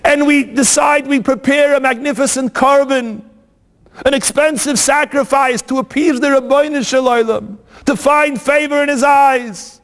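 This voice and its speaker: A man's voice: extremely high pitch, fairly even intonation, measured pace, fairly bright tone. A male rabbi telling a story in a sermon, dramatic and full of rhetorical questions. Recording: long hall reverb.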